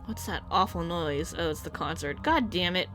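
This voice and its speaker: A woman's voice: lowish voice, normal speed, music in the background. A young woman streaming a game, chatting casually and animatedly, swearing now and then.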